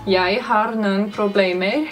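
A young woman, chatting in a casual vlog with lively, self-mocking exclamations. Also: mid-range voice, takes it slowly, faint music behind, low-quality recording. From Germany. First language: German. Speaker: vlogger.

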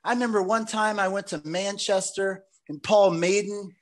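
A man with a fairly high voice tells rambling stories in a casual chat. He talks in loose, animated runs, full of "dude" and "like". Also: moderate pace. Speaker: podcast host.

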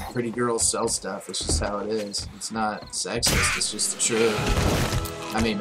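A man casually commentating on a survival game as he plays, excitable and talking back to the enemies on screen. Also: lowish voice. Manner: excitable, talks to the game's enemies. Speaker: gameplay commentator. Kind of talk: casual let's-play commentary. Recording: loud game music under the voice.

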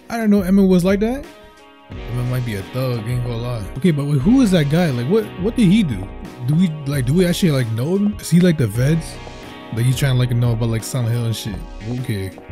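Casting: young male streamer, slangy and swearing, lively pitch swings, game music running underneath. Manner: animated, slangy and profane, yelling at scares. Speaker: gaming channel host. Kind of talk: casual let's-play commentary.

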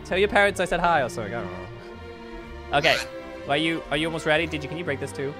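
A British woman hosting a playful game roleplay, giggly and excitable. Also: deep voice, fast, over music. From Britain. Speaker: host and roleplayer.

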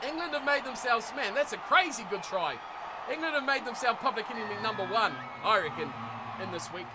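A young man commentating a rugby video game live and chatting with viewers, excitable and laughing often. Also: extremely high pitch, fairly quick, background noise. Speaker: game streamer.

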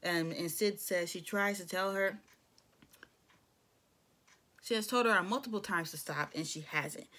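A woman's voice: on the low side, unhurried, pauses often, bright, forceful tone. A young adult woman giving a casual, opinionated recap of a reality show, with blunt asides. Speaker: show reviewer.

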